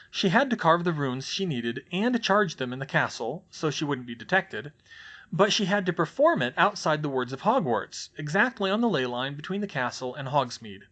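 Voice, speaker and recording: A man narrates a fan fiction audiobook with steady, plain storytelling. His voice sits a little high for a man. He keeps a level, even delivery. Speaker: audiobook reader.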